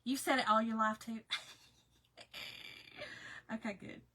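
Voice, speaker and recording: A woman's voice: a little high, fairly even intonation, measured pace, sharp tone. A woman with a Southern American accent, chatting casually with viewers on a craft livestream while she works, laughing often and greeting people by name. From Southern United States.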